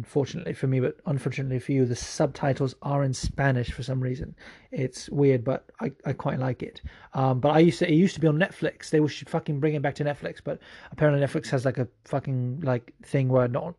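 A man's voice: mid-range voice, dark tone. A man hosting a podcast, answering listener questions in a rambling, profane, casual way with lots of fillers. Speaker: podcast host.

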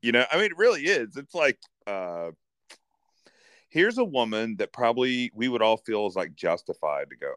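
A man's voice: medium pitch, sing-song, normal speed, a bit bright, no echo, clean studio sound. A man co-hosting a podcast in casual chat, laughing easily and reacting with enthusiasm. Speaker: podcast co-host.

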